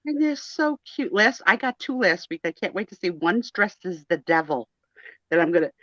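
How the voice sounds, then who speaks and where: A woman's voice: fairly low pitch, expressive, normal speed, bright, forceful tone, dry recording, muffled recording. A woman co-hosting a live vintage sale, chatting casually and joking about herself. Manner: chatty, jokey, self-mocking. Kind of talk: casual chat. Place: home, selling vintage items on a live stream.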